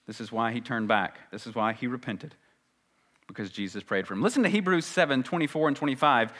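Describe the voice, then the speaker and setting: Animated preacher with a bright voice. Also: male voice, medium pitch, normal speed. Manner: animated, swings from loud emphasis to quiet asides. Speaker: pastor. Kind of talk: sermon.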